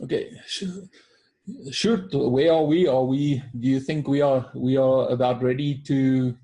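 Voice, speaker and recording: Calm South African webinar co-host, mellow and a little husky, reflective. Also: male voice, medium pitch, measured pace. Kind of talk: casual webinar talk.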